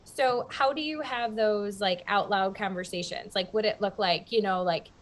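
An earnest woman talking on a community panel about parenting, her pitch sitting in an ordinary middle range. She leans on fillers like "um" and "like" as she thinks aloud, in a loose, conversational way. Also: normal speed. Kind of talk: panel discussion.

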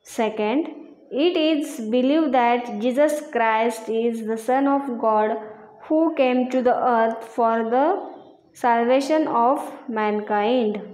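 A woman teacher slowly reading out textbook answers and repeating each one. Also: fairly high pitch, a little mellow. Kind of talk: slow classroom lesson reading answers aloud. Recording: echoey room.

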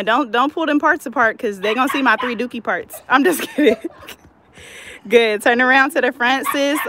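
A woman's voice: sits high, a bit bright, slight background noise. A woman vlogging at home as she shows off fresh braids, chatty and teasing, full of slang. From California Bay Area. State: out of breath. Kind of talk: casual chat to camera.

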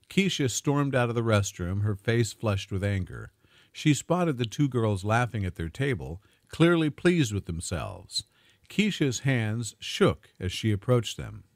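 Low-voiced man narrating a dramatic story. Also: no echo, studio quality.

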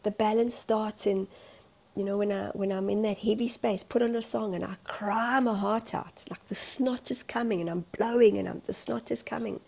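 A woman's voice: mid-range voice, vocal fry, a little mellow, breathy edge. A woman in a candid vlog monologue, speaking as a life coach in an earnest, emotional, rambling way.

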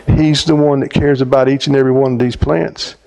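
Telling a story in a talk, this middle-aged theologian speaks with vocal fry and a halting delivery, often restarting partway through sentences. He's animated, and his pitch shoots up steeply when he quotes himself.

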